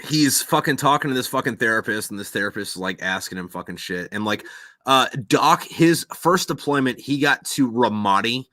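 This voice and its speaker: A man's voice: medium pitch, animated, moderate pace, pushed and bright, no room sound. A man hosting a podcast, telling a rambling, profane war story in casual chat and acting out quoted voices. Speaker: podcast host.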